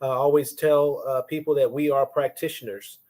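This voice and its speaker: A man's voice: medium pitch, fairly even intonation, normal speed, a little mellow. A man in his fifties hosting a casual leadership livestream from a phone or webcam, chatting and greeting viewers by name.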